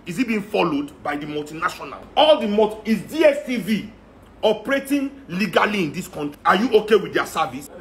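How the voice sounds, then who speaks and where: Nigerian guy going off, pitchy voice, rhetorical questions one after another. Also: fairly bright tone, a little hiss or hum. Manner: heated, rhetorical, repeating questions. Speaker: speaker in a talk. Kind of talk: impassioned rant.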